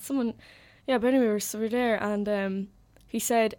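A young woman with a Carlow Irish accent, hosting a student radio chat and telling stories with lively quoted voices. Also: fairly high pitch, moderate pace. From Carlow, Ireland. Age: young adult. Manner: chatty storyteller, animated quoting. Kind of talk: casual chat.

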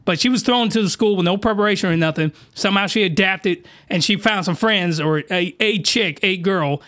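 A young man hosting a podcast, rambling through a crude comedic recap and bursting into high shouts. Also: a little fast, dry recording, clean studio sound. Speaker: podcast host. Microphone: podcast mic, close.

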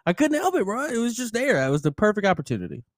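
This podcast co-host speaks in a high, sing-song voice at a racing pace, and the recording is dry. Close to a studio mic, he tells a laughing, swear-filled story on a casual show.

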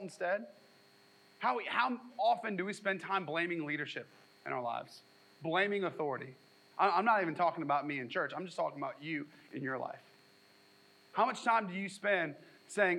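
A man's voice: sits high, normal speed, sharp tone, low-quality recording. A man preaching a sermon in a casual, jokey way, slipping into sarcastic voices when he quotes people. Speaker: pastor.

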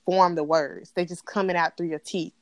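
A woman's voice: fairly low pitch, steady tone, moderate pace, dry recording. Blunt, profane woman ranting. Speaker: podcast co-host. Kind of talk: casual TV recap chat.

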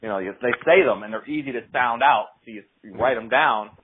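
A man's voice: medium pitch, brisk, husky, phone-quality sound. A man co-hosting a podcast, telling sarcastic stories about flying. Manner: sarcastic, lively storytelling. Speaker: podcast co-host and pilot. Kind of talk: casual chat.

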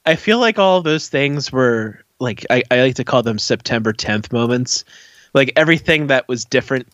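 A man's voice: medium pitch, expressive, normal speed, a bit bright, dry recording. A man co-hosting a podcast, rambling and joking in casual chat. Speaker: podcast co-host.

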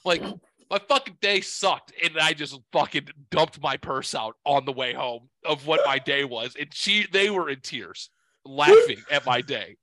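Bright-voiced profane storytelling man. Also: fairly high pitch, unhurried, vocal fry, dry recording. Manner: profane, animated, quotes people in voices. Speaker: podcast host. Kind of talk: casual storytelling chat.

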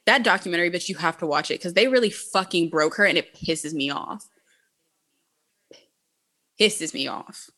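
Woman, co-host, bright tone, casual chat, blunt, profane. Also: fairly low pitch, lively intonation, quick pace, few pauses. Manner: blunt and profane, heavy use of "like".

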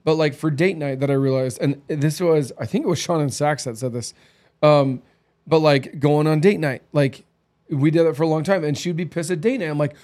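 A man's voice: fairly high pitch, moderate pace, a little mellow. A man in his thirties co-hosting a casual chat, telling candid stories with lots of acted quotes. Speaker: podcast co-host.

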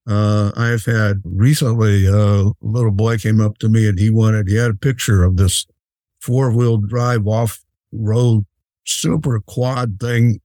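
An actor playing a jolly, patient old Santa Claus, telling unhurried, fatherly anecdotes with many fillers in an interview. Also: fairly low pitch, fairly even intonation, mellow, no room sound. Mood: gentle. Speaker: interview guest. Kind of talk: in-character storytelling interview.

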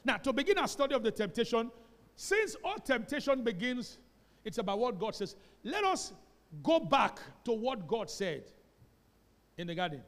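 A man's voice: very high voice, very animated, moderate pace, fairly bright tone. A man preaching a sermon, emphatic and calling on the congregation to repeat after him. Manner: emphatic, calls for congregation responses. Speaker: pastor. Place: church hall. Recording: reverberant church hall.

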